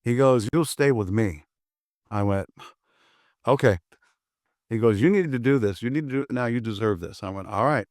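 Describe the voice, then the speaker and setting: A man's voice: mid-range voice, animated, normal speed, pauses often, a little mellow, no echo, clean studio sound. An older American man, a martial arts instructor, telling a story casually and acting out both sides of old conversations. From USA.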